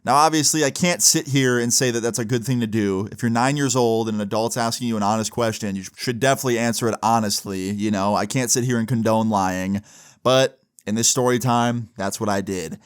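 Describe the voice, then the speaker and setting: Young man, casual storytime, animated retelling, average pitch. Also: fairly quick, smooth. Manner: chatty, animated retelling with acted quotes.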